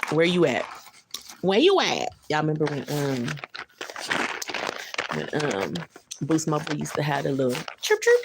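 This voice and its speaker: Woman, low voice, gravelly, casual livestream chat, slangy, reads comments, chuckles a lot. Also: very animated, normal speed, pauses often, noisy background. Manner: loose, slangy talk to viewers, chuckles often.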